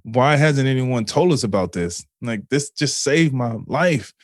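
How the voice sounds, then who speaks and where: A man's voice: medium pitch, lively intonation, unhurried, no echo. A man in a podcast interview speaks in a middle-range voice, recorded close and dry with no room sound. He tells his story earnestly and emotionally, swearing freely and often restarting his sentences. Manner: earnest, emotional and profane, with many restarts and fillers. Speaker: podcast guest.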